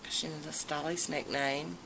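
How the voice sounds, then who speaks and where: A woman chatting casually and enthusiastically in a haul video, with drawn-out exclamations. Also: sits low, steady tone, creaky, a bit bright, slight background noise, poor audio. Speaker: nail polish vlogger.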